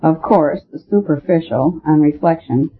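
A man's voice: on the high side, normal speed, breathy edge. A man voicing an eager, arguing detective. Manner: eager, argumentative. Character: eager, reasoning male French detective. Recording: narrow phone-like sound.

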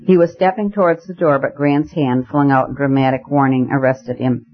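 Guy reading a story aloud, measured and even, muffled recording. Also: medium pitch, faint music behind. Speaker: audiobook narrator. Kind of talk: scripted narration.

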